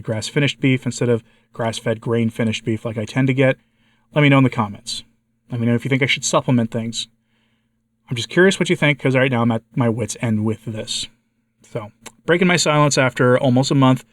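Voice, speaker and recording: An American man with a congested and slightly hoarse voice, giving a candid personal update to his viewers and asking them for advice. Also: mid-range voice, no echo. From United States. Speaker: vlogger, channel host.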